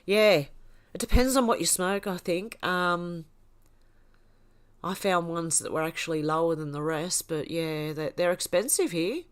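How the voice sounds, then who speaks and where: A woman's voice: on the low side, measured pace, clear, resonant tone. A woman hosting a casual livestream, reading chat comments aloud and laughing often. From Australia.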